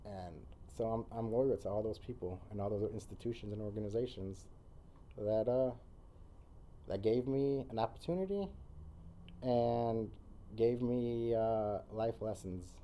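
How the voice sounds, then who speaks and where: A man's voice: on the low side, unhurried, warm tone, a little hiss or hum. A man talking earnestly as a podcast guest in casual conversation, repeating phrases for emphasis.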